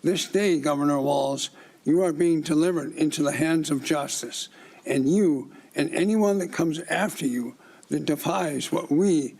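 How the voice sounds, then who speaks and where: An older man gives prepared testimony before a committee. His voice sits a bit high and carries a gravelly edge. He delivers it in a declamatory, accusatory way. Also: a little slow, darkish tone, low-quality recording. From Minnesota. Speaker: public testifier.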